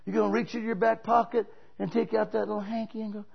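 Husky, high-voiced male preacher. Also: little pitch movement, quick pace, few pauses, highs cut off. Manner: emphatic, exhorting, storytelling preacher. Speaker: pastor. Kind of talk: sermon.

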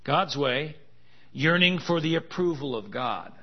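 A man's voice: on the high side, lively intonation, a little slow, slightly rough. A man preaching a sermon, with joking, laughing asides and emphatic contrasts that build in intensity. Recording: dull lo-fi sound.

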